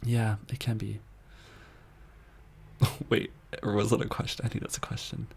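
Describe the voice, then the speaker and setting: Soft-spoken gravelly man, rambling ASMR chat. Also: lowish voice, monotone, normal speed. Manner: rambling, tender and earnest, drifting into whispers. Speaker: ASMR channel host reading viewer messages.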